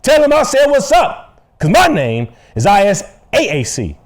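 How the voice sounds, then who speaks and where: Animated, high-voiced young man ranting. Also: moderate pace. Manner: animated, emphatic, laughs a lot. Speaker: podcast co-host. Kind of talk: casual podcast rant.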